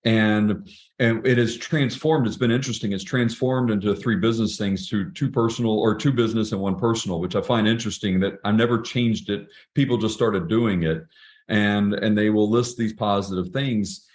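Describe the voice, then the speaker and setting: A middle-aged man with a slightly low voice talks as a podcast guest. He tells personal stories earnestly and reflectively, often restarting his sentences mid-thought in a relaxed conversational tone. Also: moderate pace. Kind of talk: casual interview conversation.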